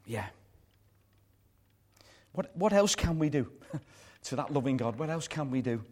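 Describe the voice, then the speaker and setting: A pastor giving a live sermon in a church service, earnest and repetitive, letting his phrases fall soft at the ends. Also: a little high, expressive, a little slow.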